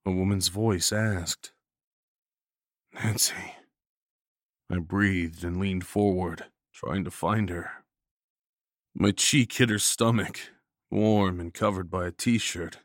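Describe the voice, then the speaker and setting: Deep-voiced man narrating horror. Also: steady tone, takes it slowly, dry recording, clean studio sound. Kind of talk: first-person horror story narration.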